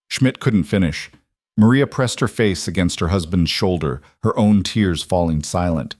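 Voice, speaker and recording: A man's voice: deep voice, unhurried, a little mellow, no echo, studio quality. A man reading a scripted western story as narrator, telling it steadily.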